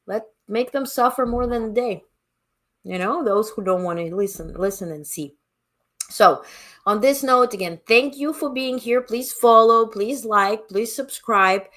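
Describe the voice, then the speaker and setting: A woman's voice: fairly high pitch, a bit bright. A woman with a non-native English accent hosts a live stream at her desk mic. She talks bluntly and with energy, her voice swinging widely as she reads out chat comments. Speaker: livestream host.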